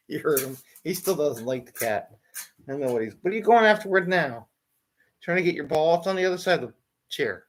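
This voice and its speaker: A man's voice: fairly high pitch, animated, moderate pace, pushed and bright. A man hosting a casual live show from home, rambling and easily sidetracked by his pets. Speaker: host.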